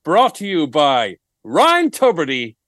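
A man's voice: fairly high pitch, wildly swooping pitch, takes it slowly. A man co-hosting a comedy podcast, with dry, playful banter. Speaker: podcast co-host. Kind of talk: casual comedic chat.

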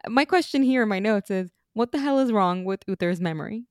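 A woman's voice: mid-range voice, animated, brisk, dry recording, clean studio sound. A woman co-hosting a podcast in casual chat, making wry, sarcastic quips. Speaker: podcast co-host.

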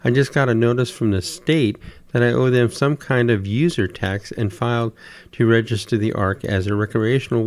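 A man's voice: mid-range voice, darkish tone, close to an everyday voice. A man voicing Noah in a told story, an exasperated old man who pleads and lists complaint after complaint. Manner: plaintive, listing complaints at length. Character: weary harried biblical Noah, old man.

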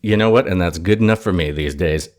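A man's voice: low voice, fast talker, darkish tone. A man hosting a podcast in a casual, jokey, self-mocking way while interviewing a guest. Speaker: podcast host. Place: home in a city.

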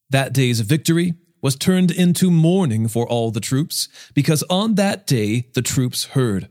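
A man reading scripture aloud in a measured, expressive way as the show's regular reader. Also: medium pitch, faint music behind.

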